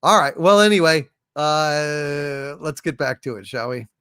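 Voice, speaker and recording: A man's voice: fairly high pitch, lively intonation, unhurried, smooth, no echo, studio quality. A man hosting a casual livestream, chatting and thanking viewers for their messages. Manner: chatty and appreciative, thanks viewers warmly and often. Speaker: livestream host.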